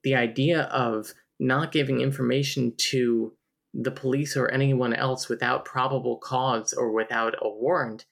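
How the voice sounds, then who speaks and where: A woman's voice: very deep voice, fairly even intonation, a little slow, vocal fry. A woman co-hosting a casual book review chat, explaining points in a dry, wry way. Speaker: podcast co-host, critic.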